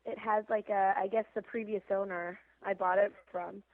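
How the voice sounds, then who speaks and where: A woman's voice: mid-range voice, fairly even intonation, normal speed, no room sound. A young woman, an actress, chatting in a casual podcast interview, rambling with lots of fillers. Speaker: actress guest. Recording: tinny phone line.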